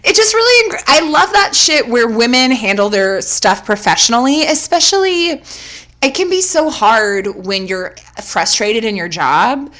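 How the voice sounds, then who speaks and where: A woman co-hosting a podcast, chatting casually and telling stories with lively swearing. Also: on the high side, a little slow. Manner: animated, swearing, storytelling. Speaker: podcast co-host.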